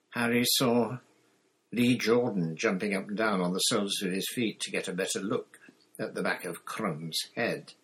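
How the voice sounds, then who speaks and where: Brief: male audiobook narrator, low voice, deliberate reading. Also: a bit bright, poor audio. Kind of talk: scripted narration.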